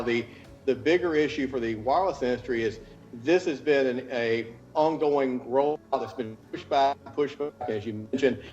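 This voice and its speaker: A man's voice: medium pitch, a little mellow, lo-fi sound. A man from the United States, a consultant giving a news interview, explaining at length with restarts and careful hedging. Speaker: interview guest, cell tower consultant.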